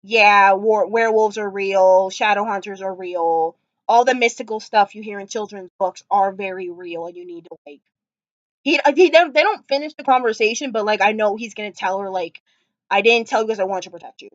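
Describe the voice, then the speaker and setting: Sitting on the floor at home, a woman vlogger gushes and rambles about a TV episode in casual chat, using lots of fillers. Her voice is medium-pitched at a normal speed, with no room sound and the highs cut off.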